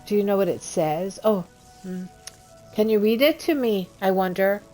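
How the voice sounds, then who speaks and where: A woman's voice: medium pitch, normal speed, warm tone. A woman playing a game and chatting casually, playful and teasing, with faint game music behind. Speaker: streamer and co-player. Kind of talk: casual gaming chat.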